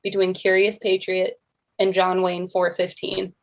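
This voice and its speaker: Earnest, gentle woman co-host. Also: lowish voice, completely flat delivery, a little slow, gravelly. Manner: earnest, gentle, self-conscious. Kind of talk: casual livestream chat.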